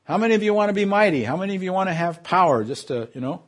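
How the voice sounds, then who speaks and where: Emphatic preaching man, lively delivery. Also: high-pitched, racing. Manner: emphatic preaching, swelling loud on key phrases and dropping to asides; leads congregation in call and response. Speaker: pastor. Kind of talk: sermon.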